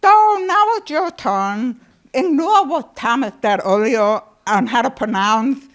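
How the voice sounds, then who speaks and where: A woman from the United States gives a presentation in a slow, unhurried delivery. Her voice sits a little high for a woman. She is animated and playful as she walks through the examples. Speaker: conference presenter. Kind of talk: presentation talk.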